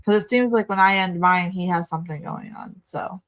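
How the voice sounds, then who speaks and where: A woman's voice: lowish voice, fairly quick. Chatty woman riffing on an old movie. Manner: chatty, joking asides to chat, frequent laughs. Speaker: livestream host. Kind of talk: casual movie watch-along commentary.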